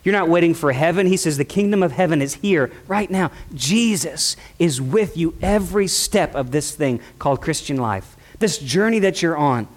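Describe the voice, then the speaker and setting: A man's voice: a little high, animated, moderate pace, hardly any pauses. A man preaching a sermon at a church service, passionate and full of rhetorical questions. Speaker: pastor.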